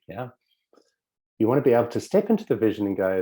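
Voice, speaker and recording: Mellow low-voiced man coaching. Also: quick pace. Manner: animated, acts out little dialogues with shifting voices; swears casually. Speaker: self-help coach. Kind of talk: casual spoken teaching.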